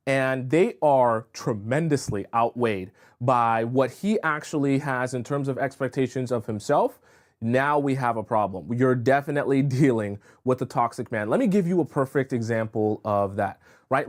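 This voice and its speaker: Chatty man giving frank dating advice. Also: mid-range voice. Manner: chatty, reads and answers viewer comments aloud; frank, repeats phrases and fills with "uh" and "right?". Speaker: dating coach. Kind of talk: casual live-stream advice talk.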